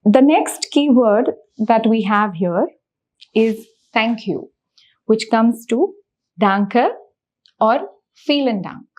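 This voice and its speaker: A woman teaching a beginner language lesson, explaining slowly and patiently and repeating each example. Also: a little high, expressive, darkish tone, low-quality recording.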